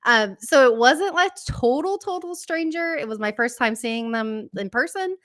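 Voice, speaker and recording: A woman's voice: sits high, lively intonation, fairly bright tone. A woman guest in a casual chat, speaking her mind in an outspoken way. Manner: quick, outspoken.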